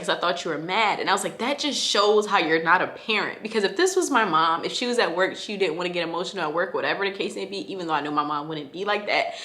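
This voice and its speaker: Young woman, twenties, middle pitch, casual, emotional, personal storytelling vlog. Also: pushed and bright. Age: 20s. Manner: casual and emotional, many fillers like "like" and "y'all". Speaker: vlogger.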